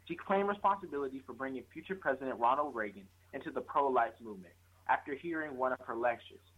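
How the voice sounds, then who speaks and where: A man's voice: mid-range voice, animated, fast, breathy edge. A man reading a prepared tribute aloud, stumbling on some words and correcting himself. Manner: reads with slips and corrections. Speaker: guest presenter. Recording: tinny phone line.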